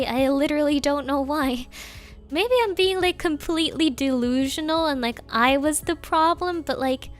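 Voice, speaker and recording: A woman streamer from Germany chatting casually, rambling with lots of "like" and frequent giggles. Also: high-pitched. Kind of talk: casual chat.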